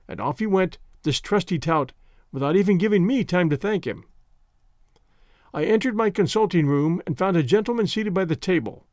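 A man narrating a classic story as an audiobook reading, measured and expressive. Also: sits high, no echo, studio quality.

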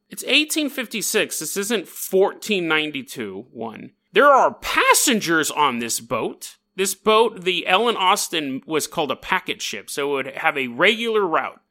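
Lively, bright-voiced joking male podcast host. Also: on the high side. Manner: animated, jokey, acts out characters. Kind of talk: casual comedic storytelling.

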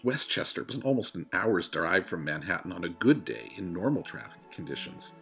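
A man reading a chapter of a story aloud in steady storytelling narration. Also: low-pitched, moderate pace, gravelly, slightly rough, faint music behind. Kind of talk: audiobook reading.

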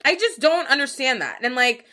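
A woman's voice: sits high, lively intonation, normal speed, pushed and bright. A young woman hosting a podcast, telling a story in casual, frank, profane talk full of filler words. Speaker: podcast host.

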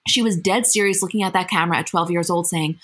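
A young woman with a lowish, husky voice chats on a podcast. She sounds earnest and heartfelt, and she reads and talks with care. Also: fast, a bit bright. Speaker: podcast co-host. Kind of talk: casual chat.

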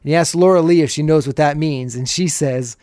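A man's voice: a little high, fairly quick, darkish tone, no room sound, clean studio sound. A man hosting a podcast, casually recapping an old TV episode and chuckling as he retells the scenes.

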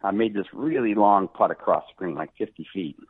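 Deep husky man on a phone-like line. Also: a little fast. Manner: animated, acts out quotes, laughs often. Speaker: pro golfer telling a story. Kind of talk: casual storytelling.

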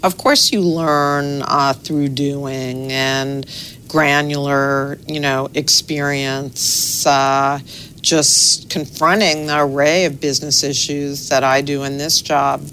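A middle-aged woman, a newspaper's executive editor, answering interview questions in a measured, thoughtful way with pauses and fillers. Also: a bass voice, fairly even intonation, fairly bright tone, slight background noise.

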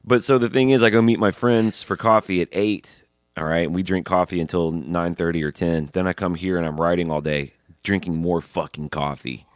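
A man's voice: sits low, steady tone, normal speed, no echo, studio quality. A man in his forties chatting casually on a podcast, joking loosely and swearing. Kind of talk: casual chat.

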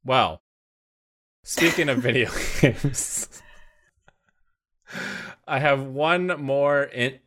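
Dry guy hosting a goofy podcast, slow and low-key, deadpan. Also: smooth. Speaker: podcast co-host. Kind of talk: deadpan comedic podcast banter.

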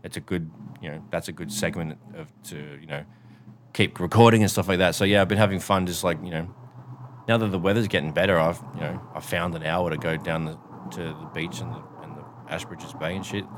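Very deep-voiced relaxed man. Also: fairly quick, slight background noise. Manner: relaxed, mumbling, trails off quietly. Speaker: podcast co-host. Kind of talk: casual chat.

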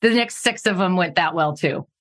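A middle-aged woman from Montana speaks with a low voice, recounting her past in a candid, earnest way. She laughs at the absurdity of painful memories while telling them as a podcast guest. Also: expressive, moderate pace, a bit bright. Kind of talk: candid personal storytelling.

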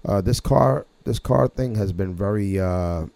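A man's voice: fairly low pitch, measured pace, creaky, dark tone, no echo. A man hosting a casual podcast chat, rambling with many restarts and chuckles. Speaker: podcast host.

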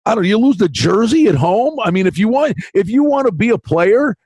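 Canadian male betting podcast host, high and lively, dry close mic. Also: a little fast, slightly rough, no room sound. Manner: animated storyteller, acts out voices in anecdotes. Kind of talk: casual sports betting chat.

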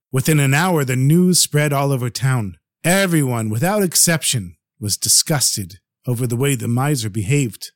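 Lively male storyteller, dry close sound. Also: mid-range voice, normal speed, hardly any pauses, no room sound. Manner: lively, conversational telling. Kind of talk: narrating a Chassidic folk tale.

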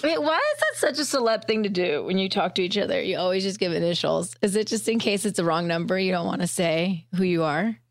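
A woman's voice: mid-range voice, lively intonation, a little fast, few pauses, no echo, clean studio sound. A woman on a podcast chatting casually and asking the hosts questions. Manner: inquisitive, asks questions. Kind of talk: casual chat.

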